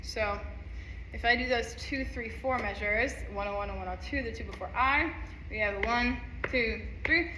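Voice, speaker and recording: A woman's voice: fairly high pitch, normal speed, background noise. A woman teaching a music lesson, counting rhythms aloud and singing passages in an upbeat, encouraging way. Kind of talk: instrument lesson walkthrough. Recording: echoey room, faint ambience.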